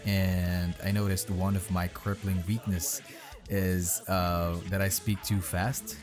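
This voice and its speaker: A man's voice: low-pitched, little pitch movement, takes it slowly, over music. A man hosting a podcast, reading bad fan fiction aloud in his bedroom with sarcastic, mocking asides. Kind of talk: comedic dramatic reading with commentary.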